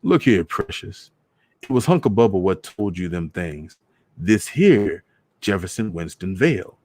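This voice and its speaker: A man voicing an old grandfather at the wheel, slow and measured. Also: deep voice, sing-song, a little mellow, slight background noise, heavily acted. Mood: calm.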